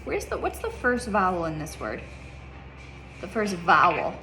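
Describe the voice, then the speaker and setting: A woman's voice: on the low side, wildly swooping pitch, unhurried, creaky, sharp tone, faint music behind. A woman teaching a child reading in a one-on-one lesson, patient, repeating her questions and checking in with "okay?".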